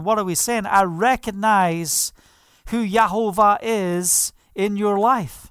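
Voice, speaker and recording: A man's voice: sits high, a bit bright, clean tone, dry recording, clean studio sound. A man preaching a sermon, fervent, asking the listeners questions and laughing now and then. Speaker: pastor.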